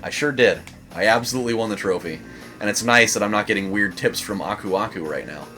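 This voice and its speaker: A young man hosting a let's play, rambling through a story with frequent laughs and excited bursts at the game. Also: fairly low pitch, quick pace, faint music behind. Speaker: gaming channel host. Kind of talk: casual let's play commentary.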